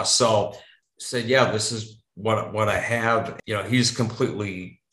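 A man's voice: on the low side, fairly even intonation, measured pace, a bit bright. A man guest telling a story in casual conversation, rambling with frequent restarts and some swearing. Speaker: podcast guest. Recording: echoey room.

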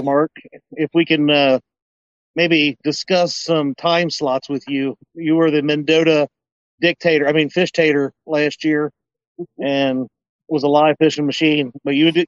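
A male podcast guest jokes and teases his way through relaxed banter. His voice is slightly high for a man, and it comes through dull, lo-fi remote audio with a dry sound. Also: normal speed, no echo. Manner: joking, teasing banter. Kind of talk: casual chat.

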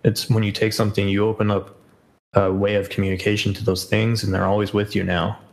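A man's voice: fairly low pitch, little pitch movement, a little fast, vocal fry, low-quality recording. A man as a podcast guest in casual chat, rambling with many fillers and self-corrections.

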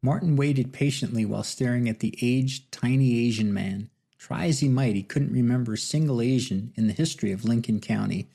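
A man narrating an audiobook novel with steady, measured storytelling. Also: medium pitch, creaky, slightly rough. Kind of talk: scripted narration.

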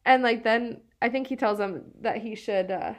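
A woman's voice: on the high side, moderate pace. A woman from northeastern Pennsylvania co-hosting a true-crime podcast, chatting casually with lots of fillers. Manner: chatty, filler-heavy, laughs often. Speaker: podcast co-host.

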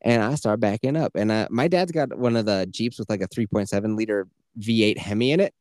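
A podcast co-host tells stories in a casual chat, animated and swearing freely as he acts out the voices of the people involved. He speaks briskly in a fairly low voice, recorded cleanly with no echo.

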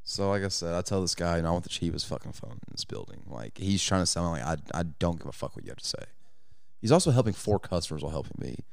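Podcast co-host with a low voice and lively pitch, swearing through an anecdote. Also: male voice, quick pace, vocal fry, no room sound, studio quality. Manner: profane, laughing storyteller. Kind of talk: casual storytelling among friends.

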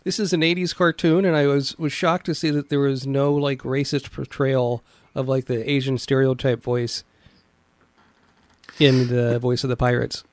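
A man co-hosting a podcast talks in a relaxed, thoughtful way, often pausing with fillers. His voice has a gravelly fry. The sound is dry, with no room echo. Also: mid-range voice. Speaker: podcast co-host. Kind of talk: casual chat about a cartoon series.

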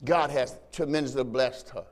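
A man's voice: medium pitch, steady tone, normal speed, big-room sound. A man preaching a fervent sermon as pastor, repeating phrases and urging his listeners on. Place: church sanctuary.

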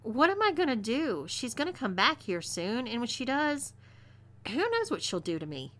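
A woman's voice: huge pitch swings, normal speed. A woman with a Texan twang voicing a scrawny, frightened young man who begs and pleads. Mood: desperate. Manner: pleading, desperate, higher-pitched than her narration.

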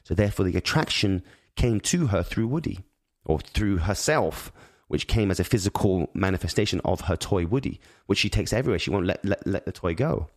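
A man's voice: low voice, expressive, fairly quick, no room sound, studio quality. A father speaking in an earnest, reflective monologue on parenting, rambling with many restarts and repeated words.

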